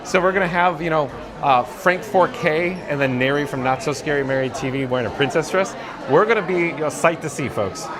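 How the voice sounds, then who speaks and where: A man's voice: a little high, a little fast. A man hosting a casual live stream while walking outdoors through a busy theme park, reading viewer comments aloud and thanking them. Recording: outdoor live stream with music and crowd behind. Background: park music and crowd noise.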